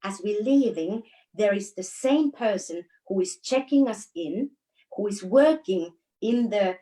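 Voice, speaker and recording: A woman from Finland with a Finnish accent, chatting as a guest in an interview and telling stories with frequent laughs and pauses. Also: mid-range voice, lively intonation, mellow, low-quality recording. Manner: storytelling with frequent laughs and hesitations. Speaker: guest, dancer. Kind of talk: casual interview chat.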